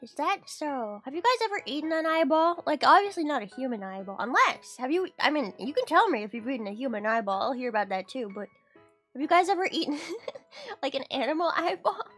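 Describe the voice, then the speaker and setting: Brief: woman streamer, bright and a touch high, rambling casual chat to her audience, with faint music behind. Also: very animated, brisk. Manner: rambling, giggly, talks to chat.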